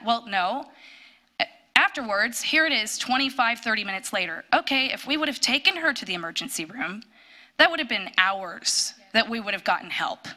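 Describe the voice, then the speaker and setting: A woman telling a personal testimony in church, storytelling with animated bursts when quoting. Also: on the high side, moderate pace. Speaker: church speaker sharing a testimony.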